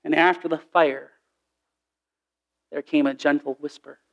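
A man preaching a sermon, telling Bible stories in an animated way and acting out the voices in the quotes. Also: on the high side, measured pace, gravelly, lo-fi sound.

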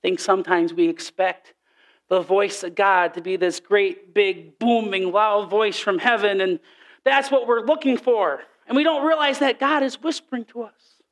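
A man preaching a sermon, telling Bible stories in an animated way and acting out the voices in the quotes. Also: sits high, moderate pace.

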